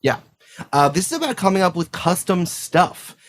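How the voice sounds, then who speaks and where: A man's voice: high-pitched, sing-song, moderate pace. A man hosting a podcast in casual chat, rambling and joking, swearing freely as he sets up the episode. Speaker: podcast host. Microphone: remote call microphone.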